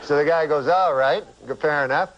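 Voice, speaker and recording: A man, a comedian guest, telling a long rambling anecdote in a deadpan, halting way with many uhs. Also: on the high side, muffled recording, very noisy.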